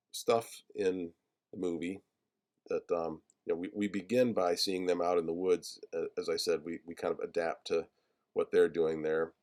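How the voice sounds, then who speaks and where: A man teaching a class on a film screenplay, talking haltingly with many fillers and restarts as he searches for page numbers. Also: low voice, darkish tone. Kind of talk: lecture discussing a film screenplay.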